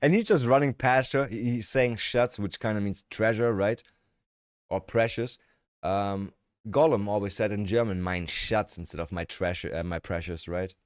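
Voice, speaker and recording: This man narrates a video on his livestream, paraphrasing it bluntly and casually with the odd swear word and laugh. His voice is lowish, clear and resonant at normal speed, recorded dry with clean studio sound.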